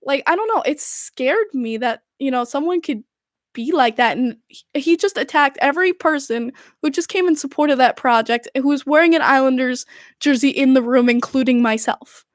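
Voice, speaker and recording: A woman's voice: high voice, normal speed, no echo, studio quality. A young woman, hosting a podcast and retelling events in a casual, exasperated way with lots of "like". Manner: animated, exasperated storytelling full of "like". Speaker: podcast host. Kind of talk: casual recounting.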